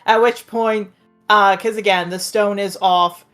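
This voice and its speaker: A woman game master narrating a tabletop game, describing scenes in a loose, animated way. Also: medium pitch, unhurried, faint music behind.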